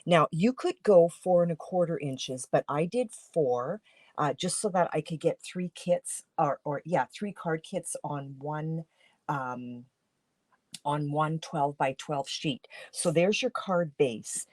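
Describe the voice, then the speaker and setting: A woman's voice: sits low, slow pace, darkish tone, no echo. A woman from Canada, a papercraft demonstrator, talking through a casual craft tutorial in a groggy morning voice, chatty with many fillers and restarts.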